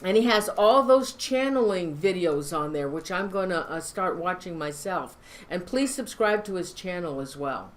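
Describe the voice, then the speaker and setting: A woman hosts a live online show, talking casually and rambling, halting often with many fillers and restarts. Her voice is on the low side with lively intonation.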